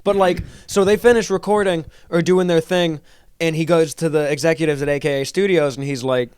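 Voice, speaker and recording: A man's voice: a little high, fairly even intonation, fast talker, clean tone, no echo, studio quality. A young man co-hosting a podcast, rambling in casual chat, swearing often and restarting his sentences. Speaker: podcast co-host.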